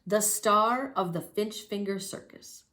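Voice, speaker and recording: A woman's voice: medium pitch, bright, forceful tone. A woman voicing a jolly, bossy male circus man in a storybook reading, stretching out his big words. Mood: hearty. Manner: emphatic, drawn-out storybook delivery. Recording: roomy echo.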